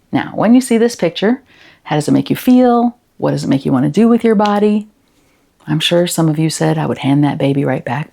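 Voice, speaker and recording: Woman presenting to educators, low voice, gravelly, mellow tone, gentle explaining. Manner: gentle, explaining, asks the listener questions. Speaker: educator and consultant.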